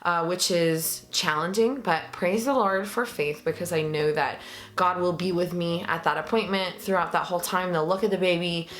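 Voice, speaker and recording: Talking to camera in a relaxed vlog, a young expectant mother addresses her audience with earnest feeling and frequent fillers. She has a fairly low, slightly bright voice with mostly even intonation and a moderate pace.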